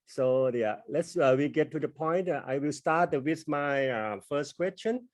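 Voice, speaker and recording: A man hosting an English session in a formal, polite way, stopping often with "uh" as he phrases his questions. His voice sounds dry and close, with a slightly raised pitch. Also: animated, unhurried, dry recording. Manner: hesitant, many "uh" fillers. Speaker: host of an online English class.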